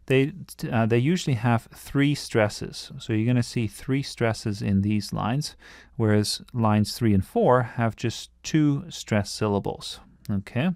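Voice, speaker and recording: A man's voice: mid-range voice, darkish tone, dry recording, clean studio sound. A man teaching a writing lesson, explaining patiently and breaking off now and then to restart a thought.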